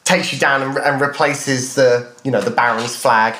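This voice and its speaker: A man's voice: medium pitch, steady tone, moderate pace, bright, forceful tone, echoey room, a little hiss or hum. A man narrating a tabletop game as game master, playful and descriptive. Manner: playful, descriptive, laughs at own jokes.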